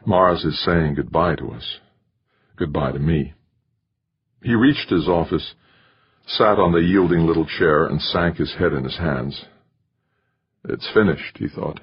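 A male audiobook narrator reads in a steady, measured way. His voice sits very low and sounds strongly raspy. The recording is dull and lo-fi. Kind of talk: scripted narration.

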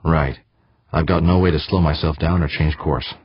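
A man's voice: rumbling low, steady tone, moderate pace, breathy edge, dry recording. A man voicing a wry male astronaut adrift in space, talking in a casual joking way. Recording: dry, slightly dull lo-fi sound.

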